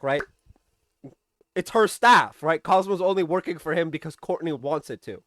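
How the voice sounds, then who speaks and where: Chatty man with a higher voice, dry sound. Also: sing-song, normal speed, fairly bright tone, no room sound. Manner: chatty, keeps asking "right?", swears casually, laughs often. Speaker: TV episode reviewer. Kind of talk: casual recap and commentary.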